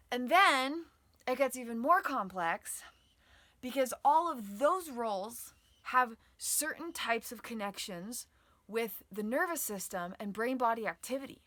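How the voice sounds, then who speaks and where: A woman's voice: medium pitch, a bit bright, no room sound. A woman giving an online lesson on the nervous system, explaining with many fillers and sometimes acting out inner voices. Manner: explanatory, filler-heavy with frequent "like" and "um"; acts out inner voices dramatically. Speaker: trauma and nervous-system educator. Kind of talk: online teaching video.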